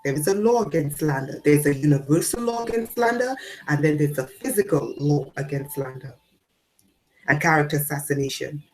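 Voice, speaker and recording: Speaking a little fast, a female spiritual teacher gives a talk to her audience. She repeats phrases for emphasis and swings between loud declarations and quiet asides.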